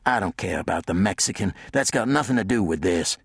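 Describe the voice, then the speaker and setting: A man's voice: low voice, animated, fairly quick, vocal fry, breathy edge, no room sound, studio quality, heavily acted. A man voicing a big, bullying brawler who threatens in a hard voice. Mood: menacing. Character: big menacing brawler man, local watchman.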